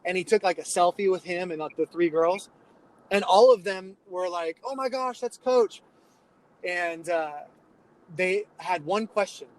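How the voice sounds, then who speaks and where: A man's voice: high voice, normal speed, rough recording. A man who coaches youth sports, telling stories as a podcast guest and acting out the kids he quotes. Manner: animated anecdotes, acts out quoted kids. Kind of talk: storytelling in a casual interview.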